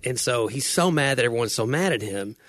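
A man's voice: medium pitch, expressive, a little fast, fairly bright tone, dry recording, studio quality. A man co-hosting a podcast, telling rambling stories in casual chat and acting out quotes. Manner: rambling storyteller, acts out quotes. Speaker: podcast co-host.

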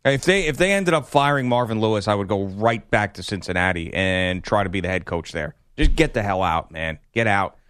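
A man's voice: lowish voice, lively intonation, a little fast, few pauses, fairly bright tone, clear, resonant tone, no room sound, studio quality. A man co-hosting a sports radio show, talking casually and with wry jokes about football. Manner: wry, joking, laughs often.

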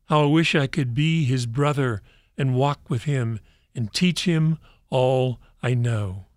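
A man's voice: medium pitch, slow, no room sound, studio quality, natural voice. A man voicing a humble, generous young shepherd who speaks earnestly.

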